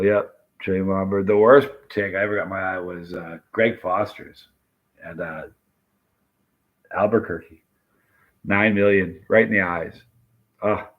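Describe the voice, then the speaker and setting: A man's voice: sits low, fairly bright tone. Rambling, chatty man hosting a live stream. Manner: rambling, chatty, greets viewers by name. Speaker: livestream host. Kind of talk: casual live chat reading viewer comments.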